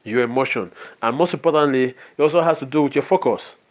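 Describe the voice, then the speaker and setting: A man's voice: mid-range voice, fast talker. A man with a Nigerian accent giving a motivational business training talk, earnest and often checking in with "okay?". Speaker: network marketing trainer.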